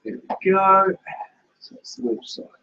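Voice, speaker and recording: A man's voice: high-pitched, monotone, unhurried, bright, forceful tone. A man hosting a casual live stream from his home fish room, chatting and thinking aloud while he reads comments. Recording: dull lo-fi stream audio.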